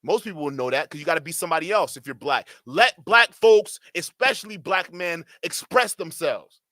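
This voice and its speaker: Heated ranting man, bright tense voice. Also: a little high, expressive, a little fast, no echo, studio quality. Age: adult. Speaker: streamer host. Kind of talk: livestream commentary.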